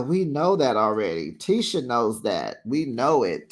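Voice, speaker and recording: A host recapping a reality show in a casual, chatty way, with playful shade and lively asides. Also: mid-range voice, slow pace. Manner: animated, chatty, playfully shady.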